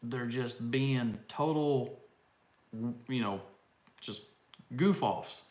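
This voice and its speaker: A man's voice: mid-range voice, darkish tone. A middle-aged man from south central Kentucky with a Southern accent, chatting easygoing on a live stream with his wife. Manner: slow, easygoing drawl. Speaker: co-host, park guide. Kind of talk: casual live-stream chat. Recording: echoey room.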